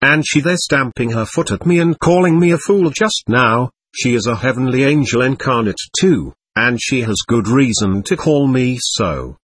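A man voicing a shabby, bitter middle-aged captain who rambles with ironic self-abasement, husky-voiced. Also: mid-range voice, animated, moderate pace, few pauses, fairly bright tone. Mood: bitter irony.

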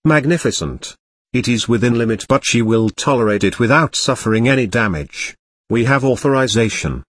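A man playing a calm, wise alien guide. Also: mid-range voice, normal speed, breathy edge, no echo, studio quality.

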